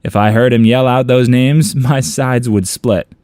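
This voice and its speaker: A man's voice: measured pace, dry recording, clean studio sound. A man narrating online comments aloud for a story channel, in a playful, amused reading. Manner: playful, amused reading with lively pitch swings.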